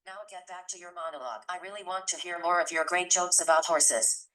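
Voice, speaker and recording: A woman's voice: lowish voice, a little fast, fairly bright tone, natural voice. A woman voicing a sarcastic female AI voice assistant in a comedy sketch, mocking and dry.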